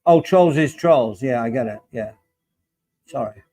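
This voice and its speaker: A man's voice: mid-range voice, measured pace, mellow, soft background music, rough recording. A middle-aged man hosting a casual livestream, reading out chat and joking with viewers by name. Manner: chatty, jokey, addresses viewers by name.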